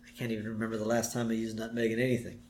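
A man's voice: lowish voice, completely flat delivery, racing, a little mellow, a little hiss or hum. A man co-hosting a podcast, chatting animatedly and laughing often as he recaps an episode. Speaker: podcast co-host. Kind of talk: casual episode recap chat. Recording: roomy echo.

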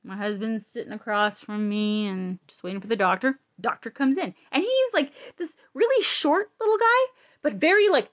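A woman telling a personal story in a blunt, profane and animated way. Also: a little high, normal speed, dry recording, highs cut off.

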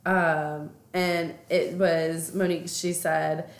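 Woman, lowish voice, podcast co-host, casual book chat, long plot retelling, echoey room. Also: moderate pace.

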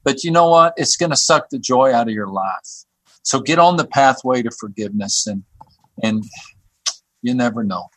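A man who works on a church staff tells a personal story as a guest. He talks haltingly, repeating words and restarting his sentences. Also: medium pitch, lively intonation, no room sound. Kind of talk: telling a personal story on a podcast.

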